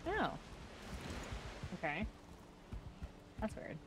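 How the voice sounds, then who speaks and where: A woman chatting with friends during a game, lively and quick to giggle. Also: medium pitch, noisy background. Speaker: fellow player. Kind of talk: casual gaming chat.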